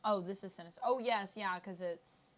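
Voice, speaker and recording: A woman's voice: mid-range voice, normal speed. A woman hosting a casual chat, chatty and laughing often. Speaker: podcast host.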